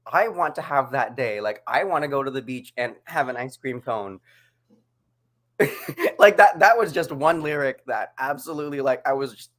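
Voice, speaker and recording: Expressive co-host, animated, laughs a lot and swings the pitch widely. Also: moderate pace. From United States. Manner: animated, laughs often, leans on "like". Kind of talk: casual chat.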